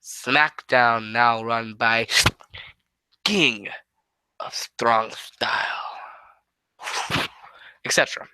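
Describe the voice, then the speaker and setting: A man doing an impression of a male pro wrestler, delivering a promo in a slow, low, half-whispered way. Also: pushed and bright, clear, resonant tone, no echo, exaggerated voice, low-quality recording. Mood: brooding.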